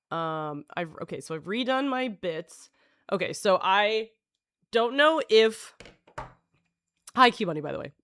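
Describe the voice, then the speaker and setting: A woman's voice: medium pitch, very animated, unhurried, long pauses, fairly bright tone, no room sound, studio quality. Scattered, jokey woman streamer. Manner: jokey, scattered, full of restarts and self-interruptions. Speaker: live streamer. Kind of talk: rambling live-stream chat with viewers.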